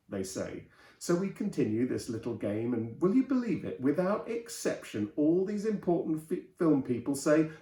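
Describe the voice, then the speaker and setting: A man reading a 1930s novel aloud as host, telling the story in a lively, animated way. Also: a little high, normal speed, reverberant. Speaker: host and reader.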